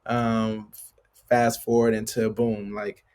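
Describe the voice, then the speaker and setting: A man's voice: fairly low pitch, slow, clean tone. A man in his late thirties, a basketball player as interview guest, telling stories loosely with lots of filler words. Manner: loose and filler-heavy, constant "like" and "bro", animated retelling. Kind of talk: casual storytelling interview.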